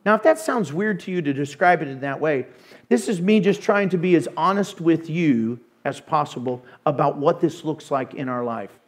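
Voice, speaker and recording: A male pastor preaching a sermon in an animated way, acting out voices with sudden hushes and bursts. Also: a little high, normal speed.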